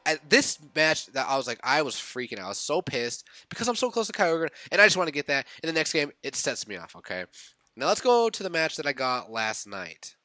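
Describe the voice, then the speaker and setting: A young man giving casual commentary over his own game, excitably reliving his reactions and thinking aloud as he corrects himself. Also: mid-range voice, brisk, no room sound, studio quality. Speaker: gaming YouTuber.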